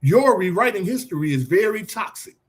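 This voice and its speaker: A man's voice: high-pitched, big pitch swings, fairly quick. A man reading a defensive husband. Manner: reads the lines plainly, scripted. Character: defensive husband hiding behind therapy talk.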